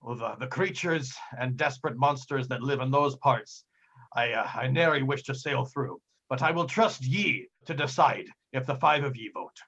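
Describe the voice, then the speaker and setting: A gruff, clumsy pirate captain with a hook for a hand, as a man puts him on. He growls in old-timey pirate slang, in a hushed, husky voice on a dull, lo-fi recording. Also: medium pitch, normal speed.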